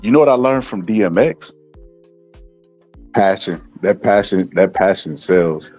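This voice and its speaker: Man, livestream guest, very low voice, earnest, storytelling, advice-giving. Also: animated, measured pace, darkish tone, no echo, soft background music. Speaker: guest commentator. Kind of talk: casual livestream chat.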